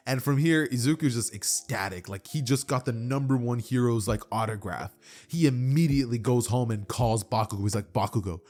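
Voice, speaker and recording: A man's voice: mid-range voice, brisk, darkish tone, faint music behind. A man casually retelling a fan story as a YouTube narrator, chatty and full of "you know" and "like".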